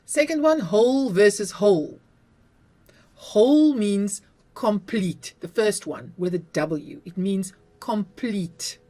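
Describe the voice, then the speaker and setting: Slow, emphatic South African woman teacher. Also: mid-range voice, lively intonation, warm tone. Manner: patient, emphatic, spells out letters, stretches key words. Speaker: English teacher. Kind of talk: explaining spelling to learners.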